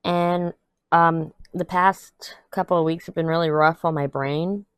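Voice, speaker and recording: Speaking a little slowly, a young adult woman vlogger rambles and vents to her audience while crafting, laughing at times. Her smooth voice is on the low side with fairly even intonation, and there's no echo.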